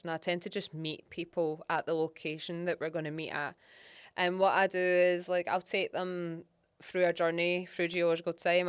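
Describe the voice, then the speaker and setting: A young Scottish woman hosting a casual podcast chat, talking in an animated storytelling way with frequent laughter. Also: on the low side, clear, resonant tone, no room sound. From Scotland. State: pregnant. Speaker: podcast host and geologist.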